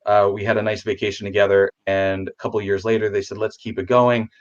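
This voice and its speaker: A man with a fairly low voice speaks as a guest on a casual video chat. He rambles, restarts his sentences and talks warmly about his pets. The sound is dull and lo-fi. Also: little pitch movement, fast talker.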